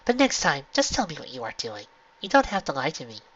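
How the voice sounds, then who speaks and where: A man's voice: wildly swooping pitch, fairly quick, breathy edge, full character voice. Man voicing a queen mother pony, lo-fi. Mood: tender. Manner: gentle scolding, raised pitch. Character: caring queen mother pony, warm but firm. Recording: lo-fi home recording.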